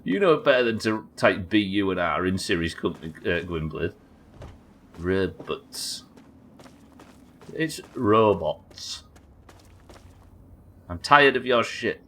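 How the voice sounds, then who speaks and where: A man, low in pitch yet bright and forward in tone, commentating a live game stream. His delivery swings up and down as he trades wry, sweary banter with his chat. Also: animated, normal speed, hardly any pauses, slight background noise.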